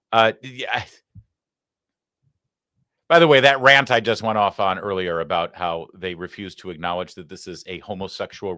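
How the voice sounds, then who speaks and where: A man's voice: deep voice, sharp tone, no room sound, studio quality. A man hosting a live show, chatting casually and joking with plenty of filler "uh"s. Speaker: show host.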